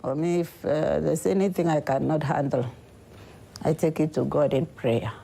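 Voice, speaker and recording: A woman's voice: deep voice, moderate pace, vocal fry, warm tone. An older woman speaking plainly about her daughter and her faith. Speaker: interviewee's mother.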